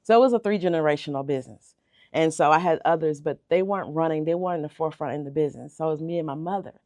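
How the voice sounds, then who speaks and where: A middle-aged bakery owner, a guest in a radio studio, speaks very fast in a low, darkish voice, telling her story earnestly and emotionally. Captured close and dry on a studio microphone with no room echo, she sometimes repeats words while gathering herself.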